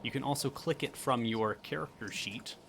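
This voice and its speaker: Casting note: man as game master, middle pitch, patient rule explanations, noisy mic feed. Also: normal speed, gravelly. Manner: explanatory, hesitant, self-correcting. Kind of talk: narrating a tabletop game. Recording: noisy background.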